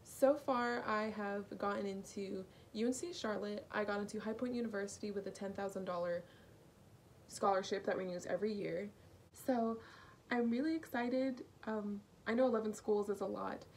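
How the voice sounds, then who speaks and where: A woman's voice: medium pitch, steady tone, normal speed, a little hiss or hum. Chatty young woman vlogging. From North Carolina, US. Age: young adult. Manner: chatty, lots of "like" fillers. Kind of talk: casual vlog reaction.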